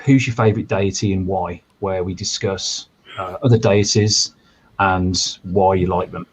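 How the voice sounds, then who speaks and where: A man's voice: sits low, steady tone, measured pace. A self-deprecating man, a podcast guest in casual chat. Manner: self-deprecating, laid-back.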